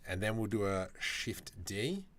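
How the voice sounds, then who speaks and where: A man chats through a live work session, answering viewer comments with easygoing jokes. His voice sits low but swings widely in pitch as he talks. Faint keyboard typing and mouse clicks run underneath. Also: sing-song, unhurried, fairly bright tone, a little hiss or hum. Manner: chatty, reacts to viewer comments, jokey. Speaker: 3D modeling live streamer. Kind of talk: casual live-stream chat while working.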